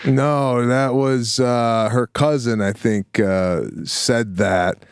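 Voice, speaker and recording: A man's voice: medium pitch, steady tone, takes it slowly, clean tone, dry recording, clean studio sound. A man co-hosting a podcast, telling stories in a laid-back, casual way with laughs. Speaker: podcast co-host. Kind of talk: casual chat.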